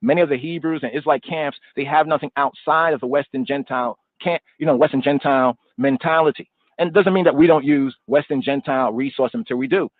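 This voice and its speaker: A fairly high-voiced man teaches scripture on a live stream. He wanders between points, repeats words and drops in street slang. The sound is dry and tinny, like a phone line. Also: quick pace, no echo. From United States. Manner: loose and digressive, repeating words and phrases; informal street slang mixed with scripture talk. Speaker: Bible study teacher.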